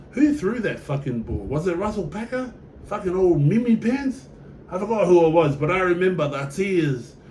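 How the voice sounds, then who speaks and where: A man's voice: fairly high pitch, a little mellow, distant mic, a little hiss or hum. A Tongan man, talking as a fan in a passionate, profane and emphatic way, often asking the viewer questions. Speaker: sports fan vlogger. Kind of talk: casual fan monologue. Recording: roomy echo, voice set back from the mic.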